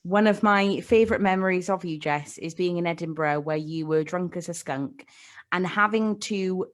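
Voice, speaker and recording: A woman's voice: fairly low pitch, moderate pace. A woman co-hosting a casual live-stream chat, telling teasing stories about a friend. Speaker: podcast co-host.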